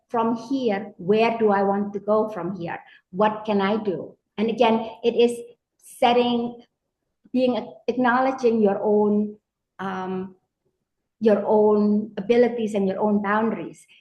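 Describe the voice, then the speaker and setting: Soft-spoken woman coach in an echoey room. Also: on the high side, fairly even intonation, slow pace, a little hiss or hum. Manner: gentle, hesitant, full of fillers. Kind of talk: interview answers.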